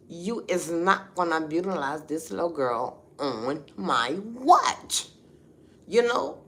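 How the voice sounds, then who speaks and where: A woman's voice: medium pitch, pushed and bright. A middle-aged woman telling a story on a casual livestream, emphatic and heated, often saying "you know". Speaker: livestream host.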